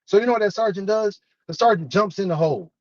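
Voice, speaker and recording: A man's voice: sits high, fast, dry recording, muffled recording. A man who is an army non-commissioned officer gives a motivational talk, earnest and repetitive, preaching the value of education.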